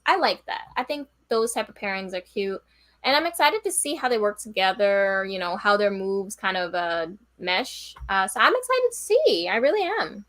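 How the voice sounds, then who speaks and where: A woman with a fairly high voice gives short, even-tempered answers while co-hosting a wrestling podcast. Her voice sounds dry and close, with no room echo. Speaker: wrestling review co-host. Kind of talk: casual podcast chat.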